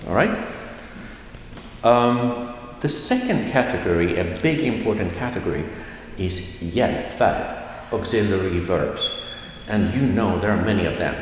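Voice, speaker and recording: Male language teacher, unhurried and patient, repeats examples; roomy, reverberant recording. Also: lowish voice, slight background noise. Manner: repeats example sentences slowly, then explains each word. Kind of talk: slow explanatory lesson. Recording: echoey room with long reverb.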